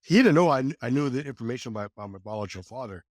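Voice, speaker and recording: A man in his sixties tells his story with swinging, expressive intonation, jumping up in pitch whenever he voices someone else. His voice sits in a middle register and the recording is close and dry, with no room sound. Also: very fast, dry recording. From California. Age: 60s. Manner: animated, acts out quoted dialogue with lively pitch jumps. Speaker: podcast guest. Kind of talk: conversational storytelling.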